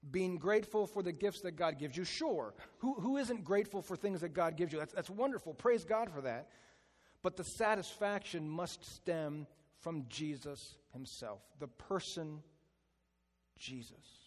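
Pastor preaching in a reverberant hall. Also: male voice, on the high side, expressive. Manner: drops to a hushed, slow delivery on key phrases. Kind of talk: sermon.

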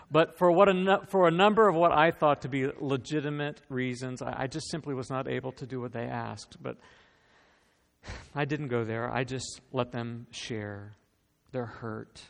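Male pastor, gravelly voice, earnest storyteller, preaching a sermon in a big echoing hall. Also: medium pitch. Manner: earnest, storytelling, repeats words when starting a phrase. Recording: long reverb of a large hall.

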